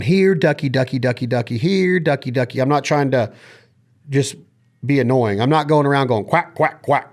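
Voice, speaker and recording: A man hosting a podcast, talking through duck calling technique in long, detailed lists. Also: medium pitch. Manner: energetic, detailed, lists body parts and steps. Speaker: podcast host. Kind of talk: casual instructional chat.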